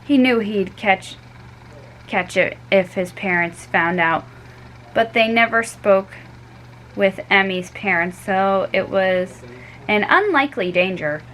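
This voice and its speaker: Woman storyteller, slow read-aloud, occasional restarts, mid-pitched. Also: a bit bright, a little hiss or hum, rough recording. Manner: unhurried, with small restarts. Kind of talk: reading a children's story aloud.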